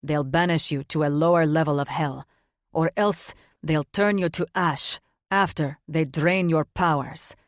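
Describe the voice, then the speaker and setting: A woman's voice: low voice, steady tone, measured pace, dry recording, studio quality. A woman voicing a burly, tusked male demon in an audiobook, grim and uneasy.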